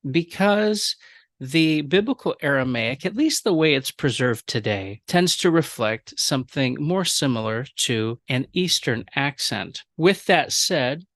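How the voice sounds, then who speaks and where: A man teaching a video lesson, explaining things in a measured way with some fillers and restarts. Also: mid-range voice, a bit bright, no echo. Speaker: language teacher.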